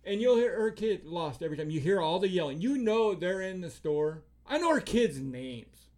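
A man with a high-sitting, slightly mellow voice talks at normal speed and is very animated. He's a middle-aged podcast co-host in a casual chat, spinning a long, profane, filler-heavy story and acting out what other people said.

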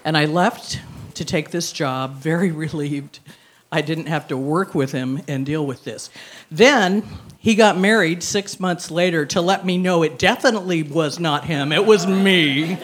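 A woman's voice: deep voice, a little slow. A woman in her sixties tells a personal story on stage before an audience, wry and self-mocking, laughing through her lines.

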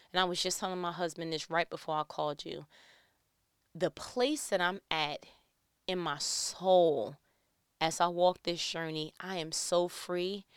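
Earnest low-voiced woman, smooth and dry. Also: dry recording. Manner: earnest, builds to loud animated emphasis with laughter. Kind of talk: reflective motivational talk.

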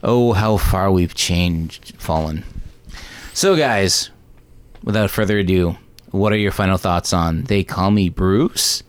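A man hosts a relaxed movie discussion, recapping the plot with lively energy. His voice sits a little low. The recording is dry and close. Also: slow, clear, resonant tone, no echo. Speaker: podcast host. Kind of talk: casual movie review chat.

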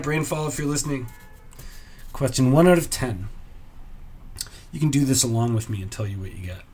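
A man's voice: mid-range voice, brisk, pauses often, darkish tone, faint music behind. A man hosting a solo comedy podcast, musing in a dry, self-mocking way with muttered asides. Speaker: podcast host.

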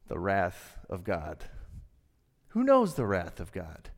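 A male pastor giving a sermon in a church, speaking earnestly and conversationally with dramatic pauses. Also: sits low, huge pitch swings. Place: church sanctuary. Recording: long reverb from a large hall.

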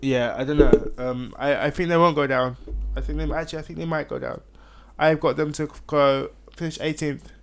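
A man's voice: a little high, fairly even intonation, moderate pace, gravelly, few pauses, slight background noise. A man co-hosting a casual football chat, talking with hesitant fillers and restarts. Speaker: podcast co-host.

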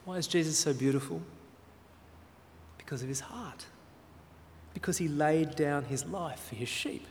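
A man preaching a sermon in an earnest way, often pausing with fillers as he explains. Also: on the high side, a little mellow, slight background noise. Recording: reverberant hall sound.

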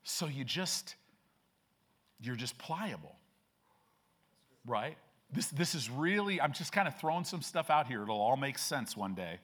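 A man's voice: mid-range voice, big pitch swings, measured pace, pauses often, a bit bright, husky. A man preaching a sermon as pastor, emphatic and repetitive, with frequent restarts.

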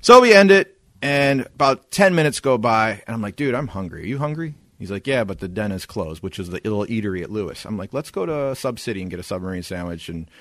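Animated, swearing man telling a story. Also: lowish voice, fast, hardly any pauses, dry recording. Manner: animated, profane, acts out quoted lines. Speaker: podcast co-host. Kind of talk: casual storytelling chat.

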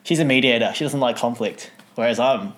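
Casual male podcast co-host, mid-pitched, laughing storyteller. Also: brisk. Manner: animated, laughing while telling anecdotes.

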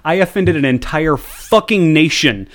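A man from the United States hosting a podcast, telling a story in casual chat with lots of swearing and quick asides. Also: fairly high pitch. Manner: animated storytelling, frequent swearing. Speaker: podcast host.

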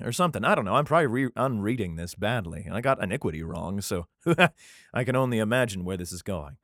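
Brief: irreverent male reader, profane asides, animated delivery, dry close sound. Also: on the low side, fast, dry recording. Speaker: reader and commentator. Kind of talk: casual commentary while reading scripture.

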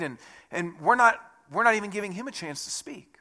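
A man preaching a conversational sermon as a church pastor, with self-deprecating asides and a relaxed, talky delivery. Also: high voice, normal speed.

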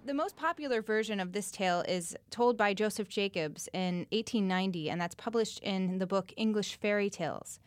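A woman's voice: mid-range voice, normal speed, hardly any pauses, no echo. A woman co-host explaining background information in a conversational, self-correcting way. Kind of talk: casual explanation.

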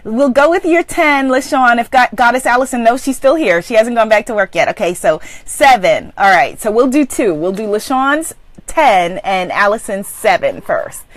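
A woman's voice: fairly high pitch, expressive, normal speed, no room sound. A woman hosting a live online class, bubbly and laughing often as she greets viewers by name. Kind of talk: live-streamed casual talk. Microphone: microphone.

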